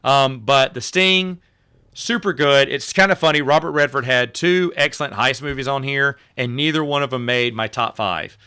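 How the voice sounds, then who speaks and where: A man's voice: medium pitch, moderate pace, sharp tone, clean tone. A middle-aged man chatting casually about his favorite films, rambling and repeating himself and acting out lines he quotes. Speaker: host ranking movies. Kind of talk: casual solo movie talk.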